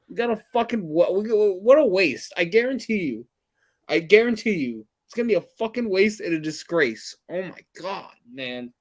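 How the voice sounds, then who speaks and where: A man's voice: high-pitched, very animated, normal speed. A man co-hosting a sports podcast, ranting angrily and profanely about his team, with frequent sighs and exasperated outbursts. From New York area. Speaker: podcast co-host. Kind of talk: angry sports rant.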